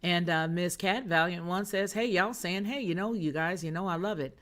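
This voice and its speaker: A woman's voice: on the low side, moderate pace, a bit bright. A woman hosting a news and chat livestream, talking to her viewers in a sassy, emphatic way as she reads their comments. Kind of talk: casual chat, reading chat comments.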